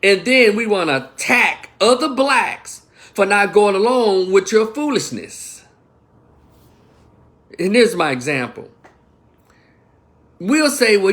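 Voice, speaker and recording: A man's voice: high voice, fairly bright tone. Heated man ranting on a livestream. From Memphis, Tennessee. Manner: heated, profane, addresses viewers directly. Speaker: livestream commentator. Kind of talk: livestream opinion rant.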